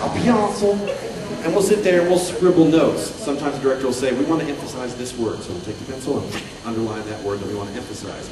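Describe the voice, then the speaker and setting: Joking male voice actor running a panel. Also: mid-range voice. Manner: joking, chatty, directs volunteers. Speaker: voice actor leading a dubbing panel. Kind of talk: casual convention panel talk. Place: convention panel room. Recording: echoey room from far off, crowd noise. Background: audience murmur and laughter.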